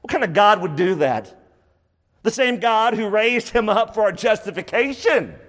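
A man's voice: sits high, expressive, moderate pace, a bit bright, big-room sound. A man preaching a sermon, emphatic and full of rhetorical questions, repeating phrases for stress.

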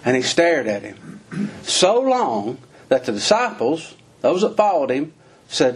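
Husky folksy man preaching. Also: mid-range voice, animated, moderate pace. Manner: folksy, questioning, with rural American phrasing. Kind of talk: sermon.

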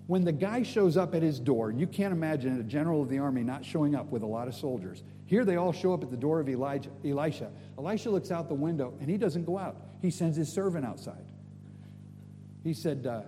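Animated preacher with a mellow voice. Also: male voice, a little high, fairly quick, big-room sound, slight background noise. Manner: animated, storytelling, casual slang. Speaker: guest preacher. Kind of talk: sermon.

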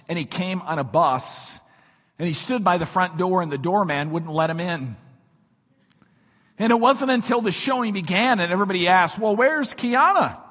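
High-voiced preacher in a reverberant hall. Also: male voice. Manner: dramatic swings from shouts to near-whispers. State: weak voice this morning. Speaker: pastor. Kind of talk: sermon.

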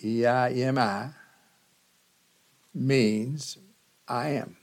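A male pastor delivering a sermon at an unhurried, deliberate pace. His voice sits in an ordinary middle register, and he leans hard on key words with dramatic pauses between phrases. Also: medium pitch, a little mellow. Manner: slow, emphatic teaching with dramatic pauses.

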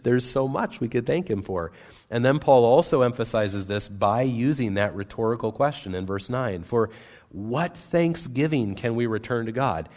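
Man preaching in a reverberant hall. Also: lowish voice. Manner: earnest, emphatic preaching with wide swings in loudness. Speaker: pastor. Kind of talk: sermon. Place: church sanctuary. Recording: long reverb of a church hall.

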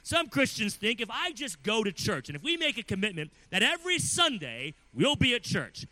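A man in his thirties preaching a sermon, earnest and building from quiet passages to loud emphasis. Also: high voice, wildly swooping pitch, normal speed, few pauses, low-quality recording. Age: 30s.

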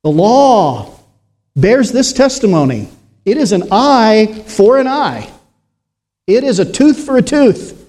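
A man preaching a sermon in a slow, solemn way, with dramatic pauses and rising emphasis. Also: high-pitched, sing-song, warm tone.

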